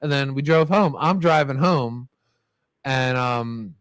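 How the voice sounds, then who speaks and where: A man's voice: medium pitch, takes it slowly, no echo. A man telling a rambling, profane story to friends, laughing his way through it. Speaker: storyteller in a group chat. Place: bar or podcast table with friends.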